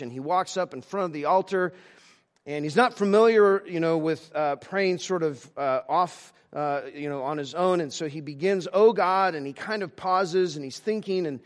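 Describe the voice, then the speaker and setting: A male pastor preaching a sermon, halting with many restarts, moving between emphatic lines and hushed ones. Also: on the high side.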